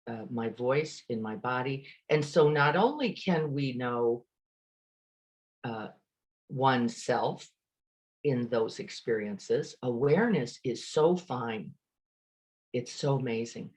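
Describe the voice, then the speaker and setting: A woman teaching open awareness meditation in a lively, energized way, often asking the listener rhetorical questions, over a video call. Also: rumbling low, slow, muffled recording. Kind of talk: meditation dharma talk.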